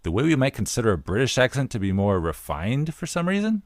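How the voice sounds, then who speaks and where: A man's voice: medium pitch, huge pitch swings, fast talker, dry recording, studio quality. A man co-hosting a language-learning podcast, chatting in an easygoing way as he reads reviews and tells stories. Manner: easygoing, chatty, some fillers. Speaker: podcast co-host. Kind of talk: casual podcast chat.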